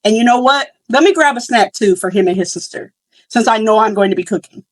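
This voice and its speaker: A woman's voice: a little high, expressive, fairly quick, no echo, poor audio. A young woman hosting a podcast, telling a story in a casual, candid way with many fillers and restarts. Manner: candid and reflective. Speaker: podcast host.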